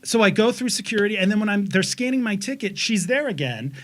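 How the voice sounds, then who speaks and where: A man's voice: high-pitched, lively intonation, fast. A man in his forties co-hosting a podcast, telling a profane story in casual chat and putting on voices for the people in it. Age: 40s. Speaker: podcast co-host.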